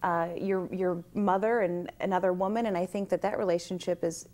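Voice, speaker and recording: A woman chatting casually in an interview, a lively storyteller who acts out other people's lines as she tells them. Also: lowish voice, a little fast. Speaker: actress and guest. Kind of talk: casual chat.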